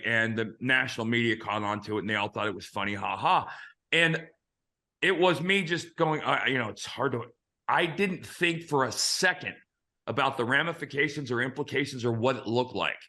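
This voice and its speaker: A man in his fifties hosts a casual sports chat, spinning frank, salty anecdotes from his playing days. His voice is bright and forward, and the pitch sits at an ordinary middle level. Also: normal speed. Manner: frank, profane anecdotal storyteller. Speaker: host, former big-league pitcher.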